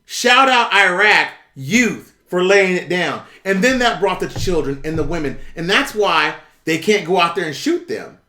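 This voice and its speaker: Brief: middle-aged man, high bright voice, blunt profane livestream host. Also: animated, a little slow, few pauses. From United States. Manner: blunt, profane, reads and answers chat. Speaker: YouTube currency commentator. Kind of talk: casual livestream rant.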